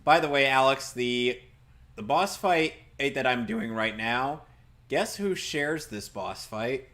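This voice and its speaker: A man chats through a video game playthrough in a casual, wry way. His humor runs sarcastic and dry, and his voice sits at an ordinary middle pitch. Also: animated, slow pace, fairly bright tone. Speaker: gameplay commentator. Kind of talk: casual let's-play chat.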